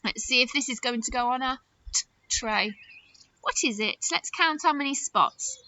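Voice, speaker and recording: A woman teaching a phonics lesson to young nursery children, animated and sing-song, with gasps of surprise and slow, drawn-out words. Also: high-pitched, dull audio.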